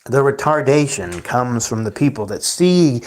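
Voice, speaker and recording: A man's voice: mid-range voice, animated, a little slow. A man hosting his own livestream, rambling and ranting at his chat, repeating himself and calling the viewers guys. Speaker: livestream host.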